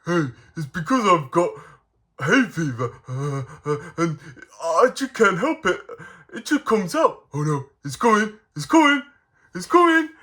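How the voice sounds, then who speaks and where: A man's voice: high-pitched, big pitch swings, measured pace, sharp tone, voice pushed up, heavily acted. A man voicing a flustered male dwarf toy, fretting and panicky about a coming sneeze. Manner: panicky, rising toward a sneeze.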